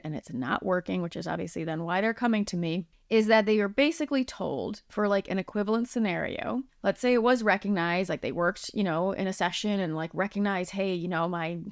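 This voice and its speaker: This medium-pitched woman's voice carries some vocal fry, recorded dry with studio quality. As host of her own podcast and a healing practitioner, she talks alone in a relaxed, chatty manner, sprinkling in plenty of fillers like "like" and "um" and performing quoted lines in character.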